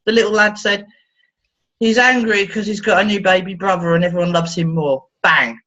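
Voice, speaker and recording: A woman therapist speaks at a moderate pace with fairly even intonation and a slightly bright voice, telling stories in an interview. She is playful and acts out the voices she quotes with big pitch swings, and the recording is dull and lo-fi.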